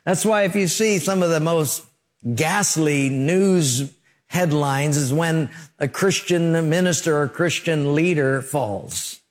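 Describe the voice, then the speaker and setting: A man's voice: on the high side, takes it slowly. A man pastor preaching a sermon, telling vivid stories and asking the congregation questions. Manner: animated storytelling preacher, asks the audience questions.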